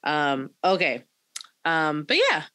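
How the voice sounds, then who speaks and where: A young woman co-hosting a podcast in casual chat, chatty and laughing often, quoting cartoon characters in a higher voice. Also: huge pitch swings, slow pace, pushed and bright, no echo. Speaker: podcast co-host.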